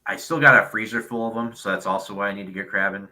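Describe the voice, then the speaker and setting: A man from Virginia, a guest in a casual chat, easygoing and quick to laugh along. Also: on the low side, steady tone, pushed and bright, poor audio.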